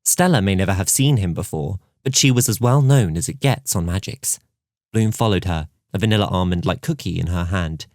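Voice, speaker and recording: Man, audiobook narration, calm, measured, lowish voice, dry close sound. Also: no echo.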